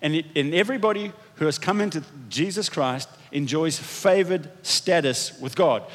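A man's voice: fairly high pitch, normal speed, long reverb tail. A man preaching a sermon as pastor in a conversational, self-deprecating way, with frequent restarts. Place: church hall.

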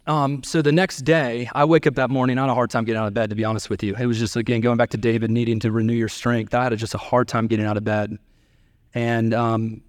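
A middle-aged pastor preaches to his church, earnestly telling a family story and raising his pitch to imitate the people he quotes. The recording has studio quality with no echo.

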